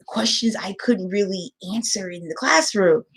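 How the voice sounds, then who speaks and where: A woman's voice: medium pitch, moderate pace, a bit bright, husky. A woman who tutors English online, telling a story to camera in casual chat and acting out the quotes. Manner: emotional storytelling, acts out quotes.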